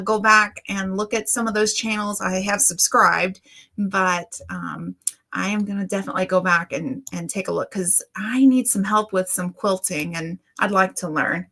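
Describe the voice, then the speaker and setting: A woman's voice: medium pitch, pushed and bright. A middle-aged woman, hosting a casual livestream and greeting viewers by name in a chatty way. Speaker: livestream host. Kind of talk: casual live chat.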